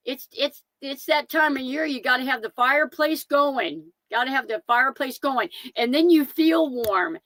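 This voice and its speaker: A woman's voice: fairly high pitch, fairly bright tone, no room sound. A middle-aged woman hosting a live stream, chatting casually and greeting viewers one by one by name, often saying things twice. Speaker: van life channel host.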